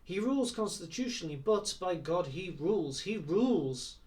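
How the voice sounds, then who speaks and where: A haughty, petulant teenage prince, as a male reader puts him on, pitched higher than the reader's own voice. He talks imperiously and flares up when crossed. The voice sits a little back from the mic. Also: a little fast, recorded from a distance, natural voice. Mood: indignant. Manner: imperious, sulky, flares up indignantly.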